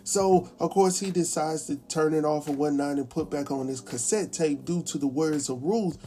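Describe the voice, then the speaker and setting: A man hosting a casual TV episode recap, chatty and colloquial, acting out the characters' lines as he goes. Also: a little high. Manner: animated, acts out characters' lines in quick impressions; chatty, colloquial, laughs at his own asides. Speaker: recap show host.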